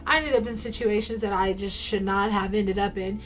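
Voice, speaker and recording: A woman's voice: medium pitch, fairly even intonation, brisk, a bit bright, faint music behind. A woman telling a personal faith story straight to camera in a casual, playful way, full of slang and ums. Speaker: faith vlogger.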